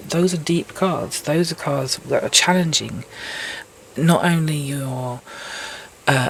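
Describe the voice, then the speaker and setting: A woman rambles through a tarot reading, her voice low and gravelly. She chats freely and keeps breaking off for self-mocking asides, with a faint hum of background noise. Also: a bit bright. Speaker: tarot reader. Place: indoors at a table with cards.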